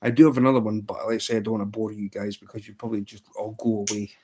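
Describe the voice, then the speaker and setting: A man's voice: on the low side, flat delivery, racing, mellow, husky. A man with a Scottish accent telling long rambling jokes on a livestream, restarting lines as he goes. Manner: rambling storyteller, restarts and says "says" often. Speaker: fly tying livestreamer. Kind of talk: casual joke telling on a livestream.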